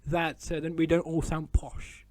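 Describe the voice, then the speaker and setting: A man's voice: fairly high pitch, flat delivery, a little slow, crowd noise. A man from England hosting an interview show, chatting casually with many fillers and restarts. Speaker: podcast host.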